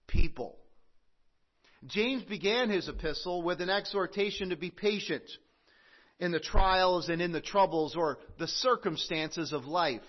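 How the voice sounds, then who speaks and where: A man preaching a sermon, earnest and measured, with emphatic pauses. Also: high voice, highs cut off. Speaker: pastor.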